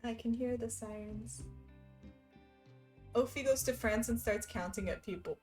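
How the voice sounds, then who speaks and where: A woman's voice: on the high side, a little slow, long pauses, a little mellow, faint music behind. A young woman livestreaming, chatting casually and reading viewers' messages aloud while she stitches, laughing often. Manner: giggly, chatty, reads chat messages aloud.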